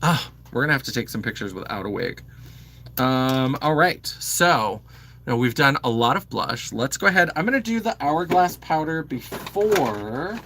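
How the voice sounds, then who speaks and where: A man's voice: medium pitch, animated, normal speed, bright, forceful tone, a little hiss or hum. A man hosting a live makeup stream, chatting casually with many fillers and answering viewers' comments. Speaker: livestream host. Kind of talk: casual makeup livestream chat.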